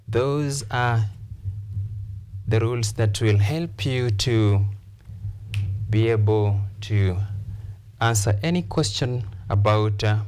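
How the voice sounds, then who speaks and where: A man's voice: on the low side, a little mellow. A man teaching English on a TV lesson, repeating key phrases and counting syllables aloud. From Kenya. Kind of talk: TV lesson, slow repetitive explanation. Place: TV classroom studio.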